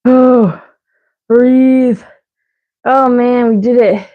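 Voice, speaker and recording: A woman's voice: a little high, steady tone, extremely slow, narrow, tinny audio. A woman leading a live workout as fitness instructor, counting reps and cueing stretches while out of breath. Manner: counting reps, breathy and winded between cues.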